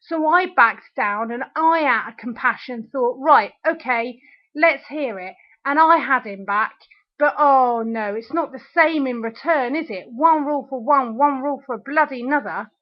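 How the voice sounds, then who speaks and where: Furious, high-voiced woman ranting. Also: normal speed. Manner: furious, ranting, sarcastic, swearing. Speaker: video diarist. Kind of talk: angry ranting video diary. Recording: dull lo-fi webcam audio.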